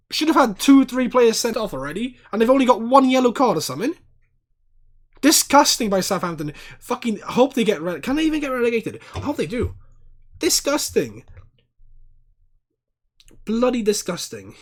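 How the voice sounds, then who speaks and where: A man hosting a football watchalong livestream, giving casual live commentary, chatting to viewers and bursting into loud, sweary outbursts. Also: very high voice, moderate pace. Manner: excitable, swears a lot, erupts in loud outbursts at fouls; chats to viewers by name, reads chat aloud.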